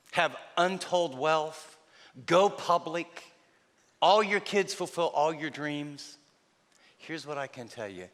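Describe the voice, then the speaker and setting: A man preaching a sermon as a pastor, speaking emphatically and then dropping to a near-hush for emphasis. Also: fairly high pitch. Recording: reverberant hall.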